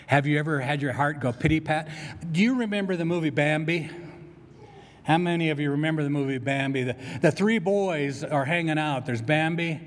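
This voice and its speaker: A male pastor delivers a lively sermon, moving between storytelling and joking asides to the pews. His voice sits a touch high for a man and rings out with a long church-hall reverb. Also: fairly quick. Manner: animated storytelling with playful asides to the congregation. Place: church sanctuary.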